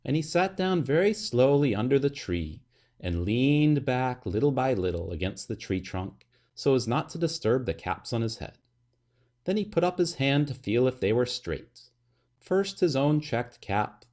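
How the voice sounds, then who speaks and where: A man reading a children's picture book aloud in an expressive, sing-song way. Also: medium pitch. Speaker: storybook reader.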